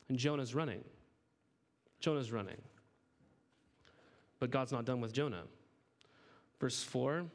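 A man in his thirties preaching a sermon in an earnest, conversational way, often repeating words as he starts a sentence. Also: on the high side. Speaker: pastor.

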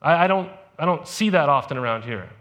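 High-voiced man preaching conversationally. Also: lively intonation, fairly quick, a bit bright, lo-fi sound. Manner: conversational, peppered with "right?" asides. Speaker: pastor. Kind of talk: sermon. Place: church service.

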